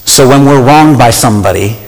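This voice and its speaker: A man's voice: medium pitch, brisk. Passionate preacher man in echoing hall. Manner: passionate, animated, asks the audience questions. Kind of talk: sermon.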